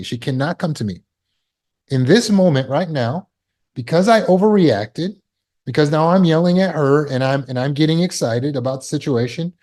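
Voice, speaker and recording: A man's voice: on the high side, a little mellow. A man teaching a trauma recovery class over a video call, in an earnest way, acting out short scenes to make his points. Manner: earnest, acts out scenes with bursts of alarm. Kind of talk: teaching talk with acted examples.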